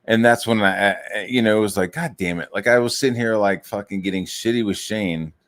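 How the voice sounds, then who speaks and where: A man's voice: fairly low pitch, fairly quick, a bit bright. A man hosting a show, ranting casually and heatedly, swearing and rambling as he retells a dispute. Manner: profane, heated, rambling, acts out others in quotes. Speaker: show host.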